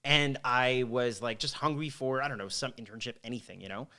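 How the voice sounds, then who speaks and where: A man's voice: mid-range voice, a little fast, bright, forceful tone. A man in his thirties from Quebec, a guest telling his story in a rambling, candid way and swearing freely. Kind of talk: casual storytelling interview.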